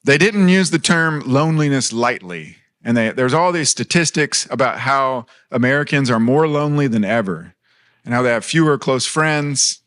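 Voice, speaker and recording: A man's voice: mid-range voice, lively intonation, moderate pace, fairly bright tone. Earnest man preaching a sermon. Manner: earnest, personal, conversational with humor. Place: church.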